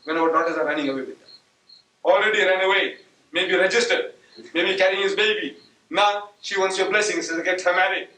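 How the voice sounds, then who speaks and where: A man's voice: sits high, brisk, bright, forceful tone. A man whose first language is Gujarati, giving a religious lecture with rhetorical questions and sudden emphatic outbursts. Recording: echoey hall taped from a distance.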